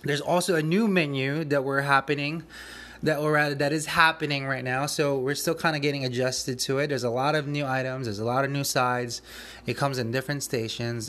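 A kitchen manager at a restaurant, his voice medium-pitched and a bit bright, tells a casual podcast about something that went wrong at work. His nervous laughter, rambling, and restarted sentences show he's still rattled and anxious.

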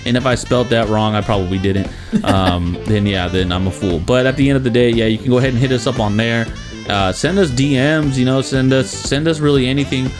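A young man co-hosting a podcast at an ordinary pitch, playful and quick to laugh. Music plays clearly in the background behind his voice. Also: steady tone. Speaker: podcast co-host. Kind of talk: casual chat.

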